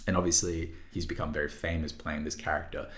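A man's voice: a bass voice, level tone, quick pace, a bit bright, echoey room. A man co-hosting a casual podcast discussion, thinking aloud with hesitant restarts and frequent fillers. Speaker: podcast co-host.

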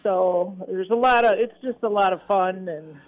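A woman's voice: medium pitch, moderate pace. Easygoing woman guest on a dull line. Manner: friendly, easygoing, with fillers. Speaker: fishing guide and club leader, guest. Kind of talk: casual radio interview.

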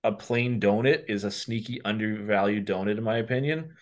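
A man's voice: on the low side, brisk. A man with a Boston accent, a podcast guest giving candid, rambling answers in casual chat.

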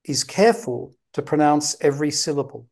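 A man with a mellow, warm tone interviews his guest in an easy, conversational way. He speaks in long, winding sentences, drifting into wry asides before he reaches his point. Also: a little high, animated, a little fast, creaky.

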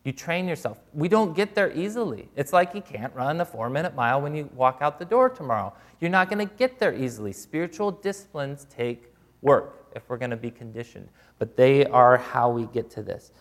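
A man's voice: medium pitch, lively intonation, moderate pace. Conversational male preacher. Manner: acts out quoted prayers, voice dropping soft for them; plain, informal, with repeated restarts. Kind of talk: conversational sermon.

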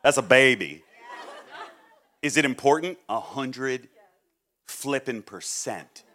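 A man preaching a sermon as a guest speaker, joking and acting out the people he quotes, then dropping low and quiet for serious points. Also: slow pace, some chatter behind. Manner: animated, jokey, acts out quoted people.

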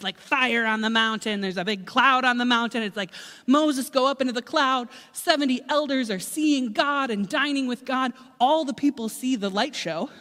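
A woman preacher retelling scripture as a casual, animated sermon, chatty and full of asides. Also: on the high side. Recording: echoey hall.

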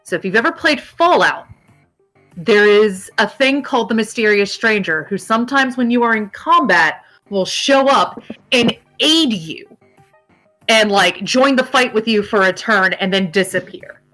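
A woman narrates a tabletop game as its game master, speaking a little slowly in a medium-pitched, fairly bright voice with lively intonation. She is casual and rambling, uses fillers, and laughs easily, with faint music playing behind her.

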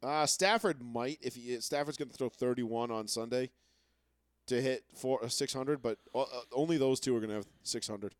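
A man's voice: medium pitch, normal speed, smooth, no echo. Chatty man reading out football stats. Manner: casual and chatty, reads out stats, mocking. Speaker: podcast co-host. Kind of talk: casual sports chat.

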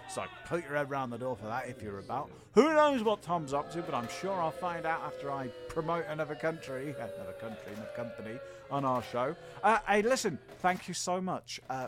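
A man co-hosting a comedy history podcast, rambling through a casual, jokey outro, correcting himself as he goes and sounding a bit tired. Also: medium pitch. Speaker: podcast co-host.

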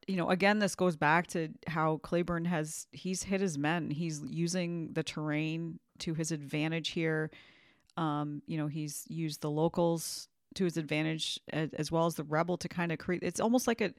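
Gravelly woman co-hosting casually. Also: low-pitched, no room sound, studio quality. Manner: chatty, brief agreeing replies. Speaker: podcast co-host. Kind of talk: casual chat.

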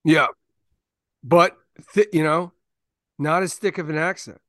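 A man co-hosting a casual podcast, agreeing along with quick replies. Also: fairly high pitch, steady tone, a bit bright, no room sound, clean studio sound. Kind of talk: casual chat.

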